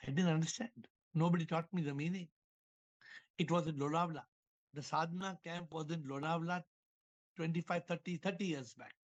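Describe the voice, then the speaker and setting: A man's voice: a little high, fairly quick, highs cut off. A man giving a spiritual talk over a video call, telling parables with repetitions and chuckles. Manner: animated storyteller, repeats words, chuckles. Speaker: spiritual teacher.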